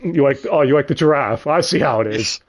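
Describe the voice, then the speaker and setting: A young man hosting a casual livestream, his pitch bouncing up and down as he talks. He rambles, trips over his words, swears freely and corrects himself mid-sentence. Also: animated, fairly quick. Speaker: stream host.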